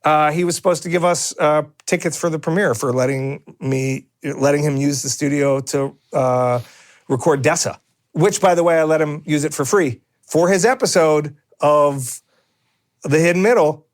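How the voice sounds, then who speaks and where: A man's voice: a little high, moderate pace. A man co-hosting a podcast in a studio, rambling in casual chat with many restarts and fillers. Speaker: podcast co-host.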